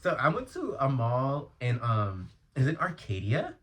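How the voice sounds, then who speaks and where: A man from Los Angeles hosts a casual solo podcast, rambling in a chatty, slang-heavy way. He breaks into loud, exasperated outbursts when something annoys him, and he speaks into an earphone mic. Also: mid-range voice, huge pitch swings, measured pace. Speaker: podcast host.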